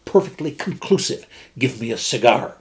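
Guy reading out an unbothered sea captain, gentle and measured, philosophizing in a storybook fable. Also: medium pitch, lively intonation, natural voice. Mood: calm, philosophical. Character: calm philosophical male ship captain.

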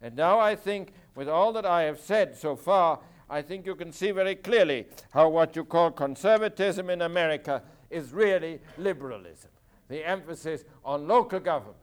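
High-voiced man giving an emphatic lecture. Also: animated, moderate pace, clean tone. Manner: emphatic, rhetorical questions, repeats points. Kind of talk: university history lecture.

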